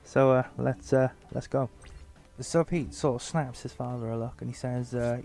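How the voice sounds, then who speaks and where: A man gives a joking, sarcastic review of a book in a casual, chatty delivery. His speech is loose and full of fillers, at an average pitch for a man. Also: steady tone, moderate pace, mellow.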